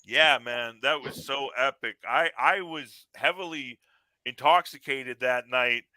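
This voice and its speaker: A man's voice: mid-range voice, measured pace, sharp tone, dry recording, poor audio. A man with a Canadian accent hosting a podcast in casual chat, swearing freely and laughing often as he rambles through stories. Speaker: podcast host.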